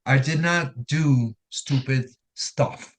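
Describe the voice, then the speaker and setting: A man as a podcast guest, recounting a personal experience in a halting way, repeating words and trailing off. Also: medium pitch. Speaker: interview guest.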